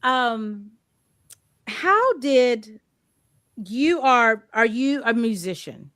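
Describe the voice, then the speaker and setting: A woman's voice: a little high, big pitch swings, very slow, fairly bright tone, no echo, studio quality. A woman hosting a casual interview, chatty and playful, acting out quotes as she talks. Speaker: host.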